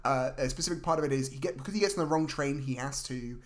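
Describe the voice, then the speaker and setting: A man, retelling a film plot in a jokey, sweary, animated way as a podcast co-host. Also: mid-range voice, fast talker. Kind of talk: casual film recap chat.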